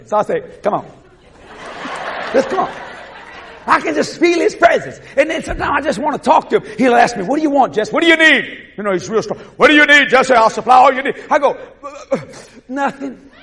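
A preacher, giving a folksy sermon, chuckling often and acting out little scenes. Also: male voice, extremely high pitch, fairly bright tone.

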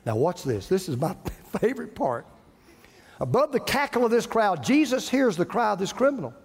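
Pastor guy preaching, high voice that swoops all over, pauses and repeats for effect. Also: sing-song, creaky, breathy edge, in a large hall. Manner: preaching with dramatic pauses and repetition. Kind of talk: sermon.

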